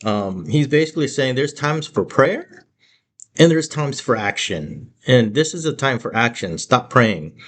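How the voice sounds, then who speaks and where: A man's voice: mid-range voice, a little hiss or hum. A man teaching about the Bible in a casual, conversational way, with many fillers and restarts.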